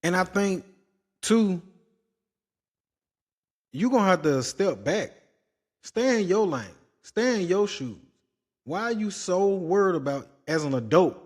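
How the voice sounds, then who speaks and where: A man's voice: high-pitched, expressive, a little slow, long pauses. A man hosting a podcast, reacting to clips with blunt, preachy opinions that rise to exasperated outbursts. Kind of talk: opinionated commentary.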